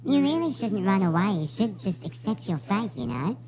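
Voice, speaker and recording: A man's voice: sits high, very animated, normal speed, pitched above the performer's own voice. A man voicing a tiny shoulder demon in a joke, with a coaxing, insinuating tone. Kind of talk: joke told with put-on voices.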